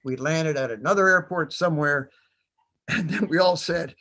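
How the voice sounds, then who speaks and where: A man's voice: on the high side, normal speed, pushed and bright. Older man spinning war anecdotes. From United States. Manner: rambling anecdotes with frequent fillers and chuckles. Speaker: veteran panelist. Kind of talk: storytelling on a panel.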